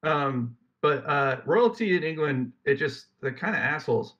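Bright-voiced young man, lo-fi podcast. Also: a little high, expressive, normal speed. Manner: rambling, jokey, reads facts aloud then riffs. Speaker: podcast co-host. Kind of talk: casual podcast chat. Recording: dull lo-fi mic.

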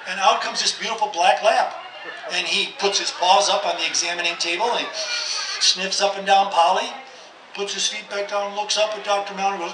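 A man's voice: sits high, steady tone, brisk, background noise. A man telling a folksy joke to a crowd at a church celebration under a large outdoor tent. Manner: folksy storytelling. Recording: distant, echoey, music in background.

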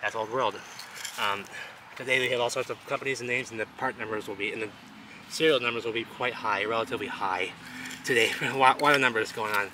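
A man vlogging outdoors, narrating as he digs through ruins, rambling and excitable and repeating himself. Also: mid-range voice, fast talker. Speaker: vlogger exploring urban ruins. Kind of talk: casual outdoor vlog narration. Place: outdoors in a wooded city lot. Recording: noisy outdoor camera audio.

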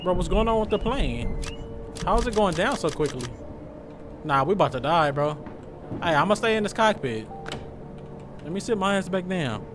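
A young man giving joking, loud let's-play commentary, full of slang as he reacts to the game. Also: fairly high pitch, background noise. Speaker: gaming streamer.

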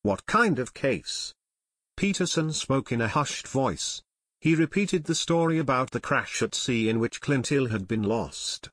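A man narrating an adventure audiobook in a measured, even storytelling voice on a close mic. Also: mid-range voice, breathy edge, dry recording.

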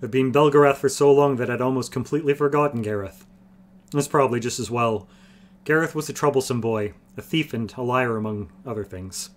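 A man's voice: medium pitch, brisk, a little hiss or hum, lightly acted. A man reading an ancient wry old sorcerer. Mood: wry explaining. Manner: dry, bland, patient explaining.

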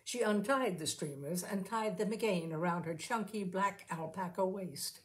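A woman reading a short story aloud as host of her own show, unhurried and expressive. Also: mid-range voice. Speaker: story reader and podcast host. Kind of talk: scripted narration of a short story.

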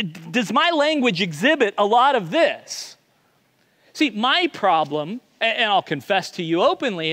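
A man's voice: high-pitched, pushed and bright. A male pastor preaching a sermon in a confessional, self-deprecating way, often stammering and restarting.

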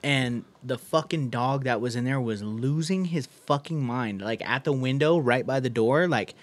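A young man chatting on a podcast, telling stories in an animated way, full of slang and cursing. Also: medium pitch, moderate pace. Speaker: podcast co-host. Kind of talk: casual chat.

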